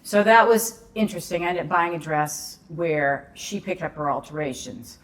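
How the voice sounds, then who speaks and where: Animated woman telling a story. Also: fairly low pitch, moderate pace. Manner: animated storyteller acting out quoted dialogue. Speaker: podcast guest. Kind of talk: storytelling in casual conversation.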